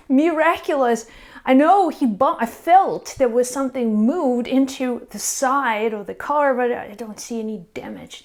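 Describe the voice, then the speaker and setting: A woman telling a personal story as a spiritual guide, soft and earnest, sometimes dropping to a whisper. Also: high-pitched.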